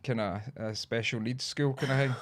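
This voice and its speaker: A Scottish man co-hosting a comedy podcast. He tells stories full of swearing and banters freely with the others. His voice is an ordinary middle pitch. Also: steady tone, normal speed. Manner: swearing anecdote-teller, banters. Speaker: podcast co-host. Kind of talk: casual comedy podcast chat.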